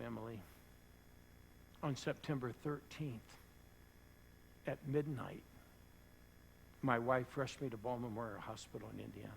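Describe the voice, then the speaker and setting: Gravelly pastor telling a story. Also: male voice, medium pitch, slight background noise, poor audio. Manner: earnest, drops to soft hushed tones for emotional moments. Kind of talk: sermon storytelling. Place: church.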